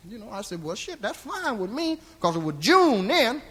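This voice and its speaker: Man playing a drawling old yarn-spinner, high, bright voice, profane, chuckling asides, faint room noise. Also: big pitch swings, normal speed, exaggerated voice. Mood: drawling, rowdy. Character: old man storyteller, crude, rambling, sly. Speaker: stand-up comedian. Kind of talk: stand-up character monologue. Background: audience laughter.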